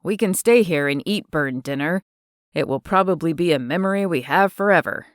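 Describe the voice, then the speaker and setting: A woman narrator voicing a gentle, easygoing young male cowboy in an audiobook, her voice dropped a little lower. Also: normal speed, no echo, studio quality. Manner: gentle, relaxed drawl-free talk. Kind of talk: audiobook character voice.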